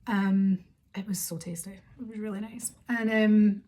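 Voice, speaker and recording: A young woman vlogger telling a story in a casual, rambling, animated way, quoting her own thoughts. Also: mid-range voice, measured pace. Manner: rambling, animated retelling with quoted inner thoughts.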